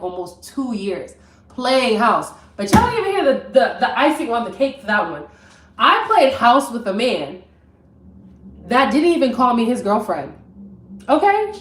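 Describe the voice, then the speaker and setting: Young woman vlogger, casual story time, animated and direct, recorded off mic in an echoey kitchen. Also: medium pitch, distant mic. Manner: chatty, animated, talks straight to viewers. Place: home kitchen. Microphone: camera mic at a distance. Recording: roomy, from off mic.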